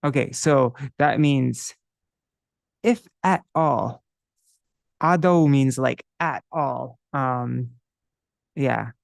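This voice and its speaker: A man's voice: medium pitch, gravelly, no echo, clean studio sound. A man teaching a devotional song text in a live class, explaining words one by one and stopping to look them up in a dictionary. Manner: chants scripture verses slowly.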